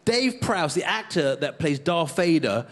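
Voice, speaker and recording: Cheeky stand-up comedian. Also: male voice, a little high. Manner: cheeky, animated, quick punchlines. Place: studio comedy stage with audience. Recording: live stage with loud crowd.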